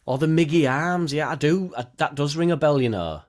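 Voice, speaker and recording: A man's voice: on the high side, brisk. A man hosting a casual live stream, reading out chat and swearing freely as he talks. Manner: swears freely, chatty, tag questions like innit. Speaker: fan channel host reading live chat.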